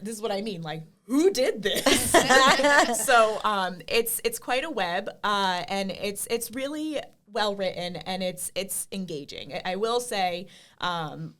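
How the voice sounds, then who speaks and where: A woman's voice: mid-range voice, animated, unhurried, hardly any pauses, a bit bright. Casual female co-host, chatty book recap with fillers and laughs. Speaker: podcast co-host, librarian. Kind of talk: casual chat, book review.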